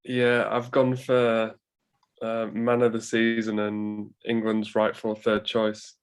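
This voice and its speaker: A man's voice: fairly low pitch, monotone, takes it slowly, clear, resonant tone. A young man co-hosting a casual football podcast with dry, wry humour. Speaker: podcast co-host. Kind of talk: casual chat.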